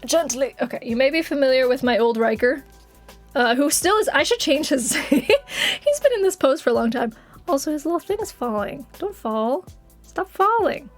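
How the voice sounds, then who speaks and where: A woman's voice: sits high, lively intonation, moderate pace, faint music behind. A woman streamer in casual livestream chat, rambling and giggly, swearing casually as she talks.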